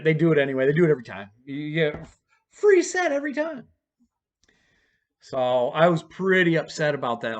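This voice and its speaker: A man's voice: mid-range voice, a bit bright, lo-fi sound. A man at home telling a personal story to his camera in a rambling, profane, casual way, full of fillers and restarts.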